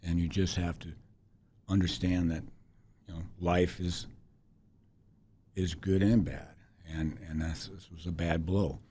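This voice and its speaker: A man in his sixties, a podcast guest telling a personal story in a halting, reflective way with many restarts. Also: low voice, fairly even intonation, warm tone, husky. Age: 60s.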